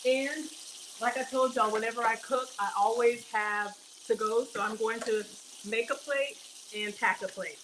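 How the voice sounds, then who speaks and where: Over a noisy background, a woman whose voice is on the high side, steady and a little slow hosts a casual cooking livestream from her home kitchen. Young adult to middle-aged, she chats with viewers she calls y'all and reads their donations out loud.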